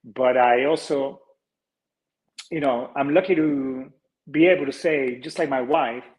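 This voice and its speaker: A man's voice: medium pitch, a little slow, darkish tone, poor audio. A Colombian-born man in his forties hosting a podcast, talking earnestly in a rambling, casual way, with lots of fillers, restarts and casual swearing. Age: 40s. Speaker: podcast host.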